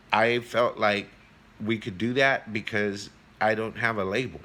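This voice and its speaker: A man's voice: on the low side, bright, forceful tone, slight background noise. A man hosting an earnest, preachy monologue, telling a moral parable. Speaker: host.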